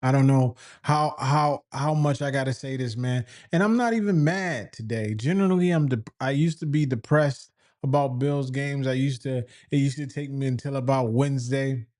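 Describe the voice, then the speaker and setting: A man's voice: medium pitch, moderate pace, a little mellow. A man commentating as a football fan, ranting in exasperation, firing off rhetorical questions and repeating himself. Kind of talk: sports opinion rant.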